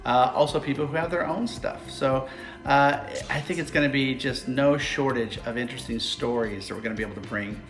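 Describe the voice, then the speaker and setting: A man's voice: medium pitch, fairly quick, fairly bright tone. A man co-hosting a podcast in casual chat, rambling and joking with lots of fillers. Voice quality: rambling, jokey, many "uh" fillers. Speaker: podcast co-host. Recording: echoey room with faint music.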